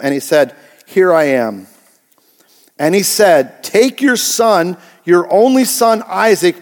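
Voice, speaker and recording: Guy pastor giving a sermon, kinda high voice, goofs around w/ voices then slows way down, church hall reverb. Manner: playful, acts out voices, slows for emphasis. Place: church sanctuary.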